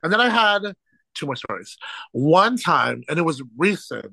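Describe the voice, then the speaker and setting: A man who works as a drag show host, a guest on a podcast telling stories in an animated, laughing way and acting out quotes. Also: on the high side, normal speed, gravelly, a little hiss or hum, low-quality recording. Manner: animated, laughs through stories, quotes people in lively voices. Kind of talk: casual storytelling chat.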